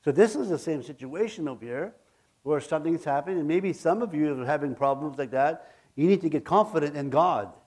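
Male preacher, slightly high voice, earnest, stumbles and repeats himself mid-sermon. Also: darkish tone. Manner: earnest, halting, often repeats words.

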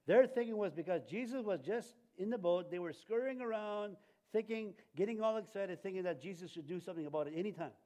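High-voiced animated preacher man. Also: fast, few pauses. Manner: animated, laughs often, acts out quoted voices. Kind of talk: sermon.

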